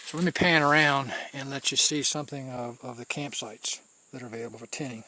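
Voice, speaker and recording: A man's voice: medium pitch, steady tone, brisk, bright, forceful tone. A man guiding viewers along a mountain trail as he walks, filming handheld in a chatty, loose way, restarting his phrases as he goes. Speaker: hiker scouting a trail. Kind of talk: casual walking commentary to camera.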